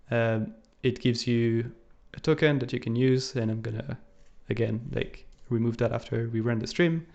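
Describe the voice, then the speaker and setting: A man's voice: mid-range voice, creaky, lo-fi sound. A man co-hosting a live coding stream, thinking aloud as he types, with frequent fillers. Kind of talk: casual coding walkthrough. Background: keyboard typing and clicking.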